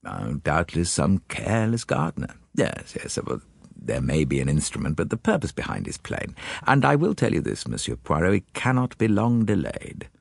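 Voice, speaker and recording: A man voicing a gloomy, fatalistic ailing nobleman who speaks slowly and gravely in an audiobook. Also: sits low, huge pitch swings, no room sound, full character voice. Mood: resigned. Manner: slow, resigned, grave.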